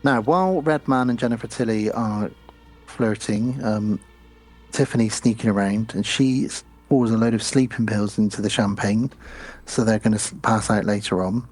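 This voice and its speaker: A man's voice: lowish voice, normal speed, darkish tone, breathy edge. A man co-hosting a podcast, retelling movie scenes in casual chat with blunt, crude jokes. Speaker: podcast co-host. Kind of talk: casual film recap chat.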